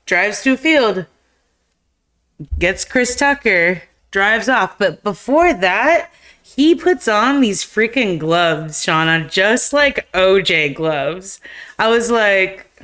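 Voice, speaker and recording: A woman's voice: medium pitch, slow pace. A woman co-hosting a live stream, casually retelling a film's plot with lots of fillers and acted-out lines. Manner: rambling, animated retelling with acted-out quotes. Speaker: podcast co-host. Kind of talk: casual chat recapping a film.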